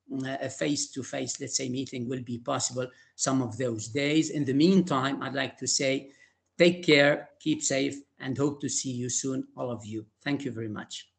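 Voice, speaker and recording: An older man giving emotional, halting closing remarks on a video call. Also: mid-range voice, gravelly. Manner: halting, many fillers and restarts. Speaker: retired teacher trainer.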